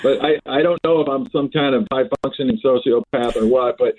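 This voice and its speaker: A man on a podcast as a guest, telling a lively story, often laughing and restarting phrases. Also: medium pitch, brisk, slight background noise. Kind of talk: animated storytelling. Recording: tinny phone-like line.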